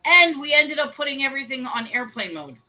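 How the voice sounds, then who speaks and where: A woman's voice: high voice, lively intonation, brisk, pushed and bright, rough recording. A woman co-hosting a casual chat over a video call, telling stories and laughing easily. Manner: chatty, storytelling, laughs easily. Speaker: co-host.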